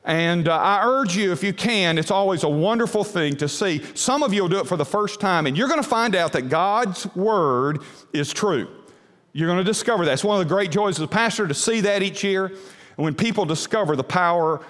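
A man's voice: high voice, expressive, normal speed, fairly bright tone. Male pastor preaching, folksy, lots of uh's, big echoey church. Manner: folksy, with frequent uh fillers and repeats. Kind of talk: sermon. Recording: long hall reverb.

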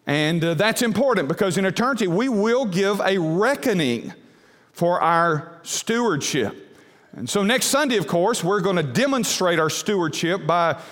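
A man's voice: high-pitched, expressive, normal speed, a bit bright. A male pastor delivering a folksy sermon in a church, with frequent fillers and restarts. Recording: long hall reverb.

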